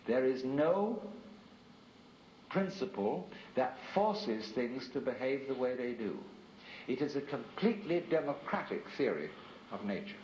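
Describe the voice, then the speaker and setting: In a measured, reflective, medium-pitched voice that is sing-song and a little mellow, a man gives a philosophical lecture, often turning to the listener with rhetorical asides. The archival tape sounds roomy and dull, with faint hiss underneath.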